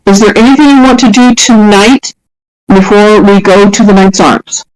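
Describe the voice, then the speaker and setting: A woman acts as game master for a tabletop role-playing session, describing scenes at length. Her voice sits at a middle pitch, and her phrasing often stumbles and restarts as she narrates. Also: fairly even intonation, moderate pace, poor audio. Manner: descriptive, with frequent restarts and fillers.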